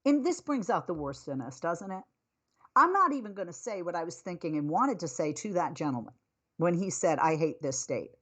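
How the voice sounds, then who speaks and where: A woman's voice: fairly low pitch, big pitch swings, fairly quick, fairly bright tone. A woman hosting a talk radio show, telling a story and then scolding listeners in an exasperated, emphatic way. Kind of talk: opinionated talk radio monologue.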